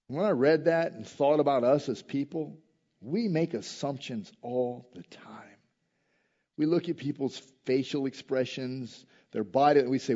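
A man preaching a sermon, moving between quiet reflective passages and loud, emphatic rises, often asking his listeners direct questions. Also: medium pitch, breathy edge, highs cut off.

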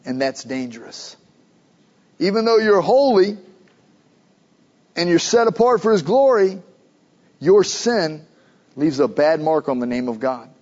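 A pastor preaching a sermon, emphatic, building to urgent questions. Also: male voice, fairly high pitch, big pitch swings, unhurried, long pauses, a little mellow, lo-fi sound.

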